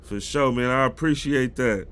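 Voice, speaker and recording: A man's voice: medium pitch, normal speed, fairly bright tone, smooth. A man with a cold and a stuffy nose, chatting casually with his live-stream viewers about football news. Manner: chatty, greets chat viewers directly.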